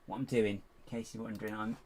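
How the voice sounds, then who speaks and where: A man's voice: fairly low pitch, brisk. A man hosting a casual live stream, chatting and muttering to himself while he builds, with self-mocking asides. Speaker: livestream host building toy bricks. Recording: steady background hiss and keyboard noise.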